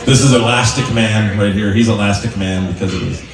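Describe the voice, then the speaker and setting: Joking bar singer in an echoey room. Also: male voice, on the low side, steady tone, brisk, recorded from a distance. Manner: joking, teasing the crowd. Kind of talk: live stage banter between songs. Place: bar, indoors. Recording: echoey bar taped from afar, guitar.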